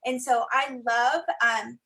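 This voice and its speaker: A woman's voice: a little high, fairly even intonation, takes it slowly, creaky, pushed and bright. A woman hosting a coaching chat, gushing and effusive, who is easily moved.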